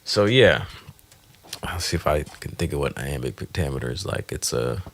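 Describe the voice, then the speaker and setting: A man's voice: very deep voice, lively intonation, normal speed, creaky, fairly bright tone. A man talking casually to himself while writing a song, trying out lines and sometimes singing them. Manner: thinks aloud, sings lines over a beat. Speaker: music producer.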